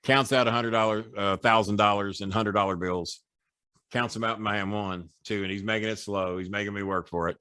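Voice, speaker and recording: A man in his sixties, a podcast guest and former wrestling manager, telling animated, profane stories and acting out the people in them. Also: on the low side, a little fast, clear, resonant tone, no echo, studio quality. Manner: animated storyteller, profane, doing voices. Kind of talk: podcast storytelling.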